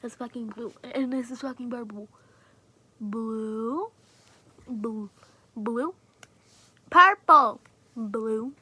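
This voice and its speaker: A woman with a high voice talks loosely to her camera while showing off her fidget toys. She rambles, swears freely and often sinks to a soft whisper mid-sentence. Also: slow pace, pauses often, breathy edge, no room sound. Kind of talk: casual chat to camera.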